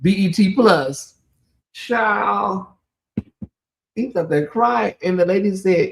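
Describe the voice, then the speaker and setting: A channel host giving sassy live commentary on a TV show, reading viewer names aloud and breaking into loud exclamations. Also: mid-range voice, slow, creaky.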